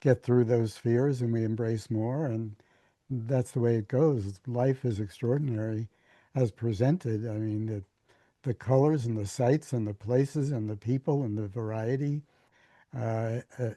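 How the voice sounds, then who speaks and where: An older man, a spiritual teacher and author, answering interview questions slowly and reflectively, with halting repetitions and dry humor. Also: mid-range voice, dark tone, no echo. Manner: slow, halting, repeats words, dry humor.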